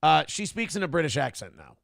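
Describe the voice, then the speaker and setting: A man's voice: a little high, sing-song, brisk, gravelly, fairly bright tone, no echo. A male morning show host giving comedic, ranting commentary, sarcastic and profane as he mocks celebrities, on a close mic.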